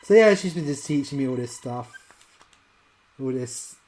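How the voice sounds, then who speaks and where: Very low-voiced woman rambling while gaming. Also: animated, moderate pace, low-quality recording. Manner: rambling and chatty, with sudden loud exclamations. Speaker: VTuber game streamer. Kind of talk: casual live-stream chat while gaming.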